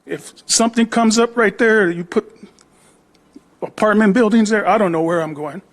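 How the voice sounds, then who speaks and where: A middle-aged man with a high-pitched voice complains to a city council. He speaks plainly and with rising grievance, asking pointed questions. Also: moderate pace. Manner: aggrieved, plain-spoken. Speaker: homeowner at public comment. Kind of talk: city council public comment.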